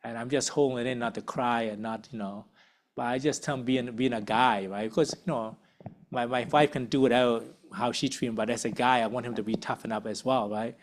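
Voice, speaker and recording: A man's voice: mid-range voice, steady tone, brisk. A man leading a church parenting workshop in casual group discussion, conversational and always asking "right?". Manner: conversational, frequent tag questions. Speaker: uncle.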